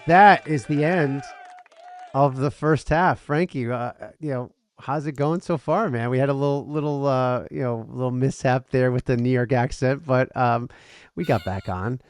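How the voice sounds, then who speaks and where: A man's voice: medium pitch, moderate pace, darkish tone, clean tone, no room sound. A middle-aged man co-hosting a podcast, rambling and teasing in casual banter. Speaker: podcast co-host.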